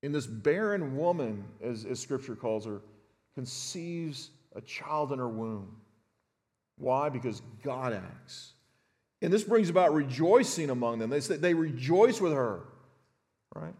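A man's voice: medium pitch, lively intonation, measured pace, darkish tone. A middle-aged man preaching an expository sermon as a pastor in a conversational way, often restarting words and checking in with the congregation. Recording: long reverb of a large hall.

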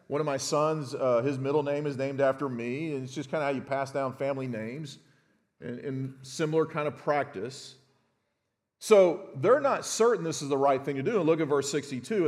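A middle-aged pastor with a fairly high voice preaches an expository sermon conversationally, frequently restarting words and checking in with the congregation. The recording carries the long reverb of a large hall.

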